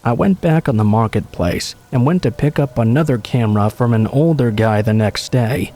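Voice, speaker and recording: A man calmly reading true horror stories aloud as a scripted narration. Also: mid-range voice, moderate pace.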